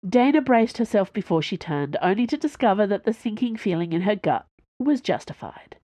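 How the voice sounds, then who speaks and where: A woman reading a story aloud in an even, measured narration. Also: mid-range voice, no room sound. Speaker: audiobook narrator. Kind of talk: scripted narration.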